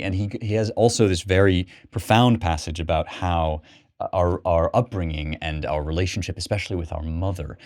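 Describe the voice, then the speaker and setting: Low-voiced man giving a thoughtful literature lecture. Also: darkish tone. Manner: thoughtful, explanatory, often asks "right?". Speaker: podcast host and lecturer.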